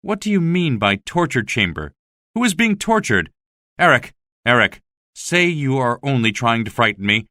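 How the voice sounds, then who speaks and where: A man's voice: mid-range voice, big pitch swings, moderate pace, sharp tone, no room sound, clean studio sound. A man voicing a frightened young woman in a storybook reading, pushing his voice up and pleading. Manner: pleading, rising in alarm.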